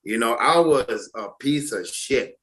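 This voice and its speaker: Guest, man in his 40s, bright tense tone, cursing, rambling with stammered restarts. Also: mid-range voice, lively intonation, a little slow. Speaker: interview guest, former prisoner. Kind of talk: casual storytelling.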